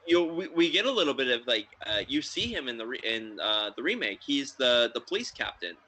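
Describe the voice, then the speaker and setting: Fairly quick and medium in pitch, a man rambles excitably about movies as host of a podcast. The chat is casual and filler-heavy, and the recording quality is low.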